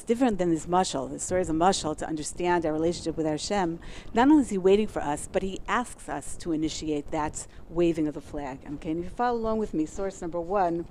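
A woman teaching a religious class, talking fast and eagerly as she works through her source sheets. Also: lowish voice, a little mellow.

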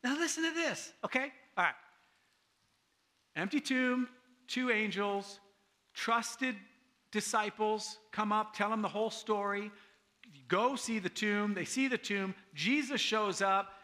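A man's voice: high voice, a little slow, sharp tone. A man pastor giving a casual, conversational sermon, often asking his listeners "right?" and acting out the people he quotes.

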